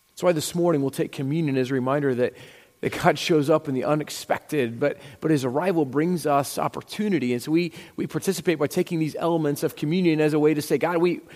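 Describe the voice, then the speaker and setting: A man's voice: mid-range voice, creaky, darkish tone, in a large hall. A man preaching a sermon as pastor, retelling a story and acting out the dialogue with frequent restarts.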